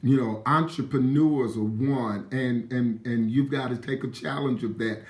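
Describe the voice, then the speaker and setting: A man's voice: medium pitch, fairly even intonation, a little slow, a little mellow. Emphatic male motivational speaker, echoey room. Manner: emphatic, repetitive, greets viewers by name. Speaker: live stream motivational speaker. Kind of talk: preachy motivational talk.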